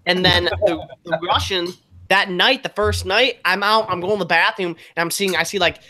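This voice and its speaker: A man co-hosting a casual podcast, telling stories in an animated, chatty way. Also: high-pitched, normal speed, noisy background. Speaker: podcast co-host.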